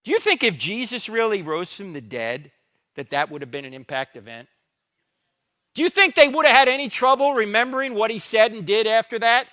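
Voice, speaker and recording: Middle-aged male speaker, lively pitch swings, sarcastic storyteller acting out dialogue in a church talk. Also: fairly quick. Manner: dramatic, acts out dialogue, sarcastic humor. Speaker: guest speaker. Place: church sanctuary.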